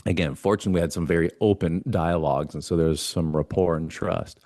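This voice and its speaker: Deep-voiced man telling earnest stories. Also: steady tone, fast, mellow, no room sound, studio quality. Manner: earnest, acts out quoted dialogue with himself and a mentor. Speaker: podcast guest. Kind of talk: conversational storytelling.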